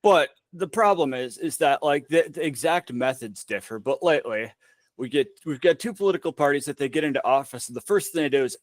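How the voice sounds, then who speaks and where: A man's voice: fairly high pitch, lively intonation, fairly quick, dry recording. A man co-hosting a political podcast in casual chat, blunt and profane with sarcastic asides. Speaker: podcast co-host.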